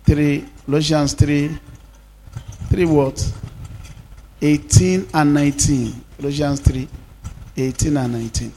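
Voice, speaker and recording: A man's voice: fairly high pitch, fairly even intonation, slow, pauses often, mellow, a little hiss or hum. A man, preaching a sermon to a congregation, repeating lines and calling for responses. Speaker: pastor.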